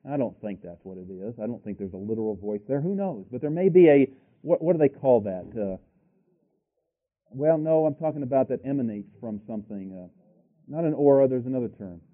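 A man's voice: medium pitch, animated, a little fast. Man preaching over a tinny tape. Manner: thinks aloud with restarts and fillers. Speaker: pastor. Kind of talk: sermon with scripture reading.

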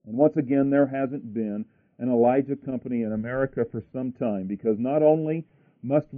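Male preacher, emphatic sermon delivery, mid pitch, tinny dry recording. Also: moderate pace, no room sound. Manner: emphatic, repeating phrases for stress. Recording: tinny phone-like line, dry.

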